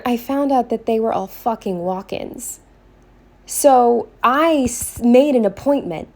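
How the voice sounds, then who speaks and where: A woman vlogging while she plans, telling a story in a chatty way, swearing freely and going off on quick asides. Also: medium pitch. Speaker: planner vlogger. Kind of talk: casual plan-with-me storytelling.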